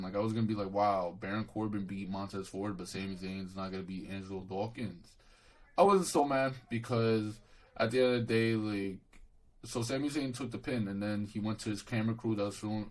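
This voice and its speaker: A young man with a somewhat low voice talks through a recap on his own channel. He rambles, stumbles over restarts and swears freely. His tone stays dismissive and offhand throughout. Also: rough recording. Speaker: wrestling show reviewer. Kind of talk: casual solo review rant.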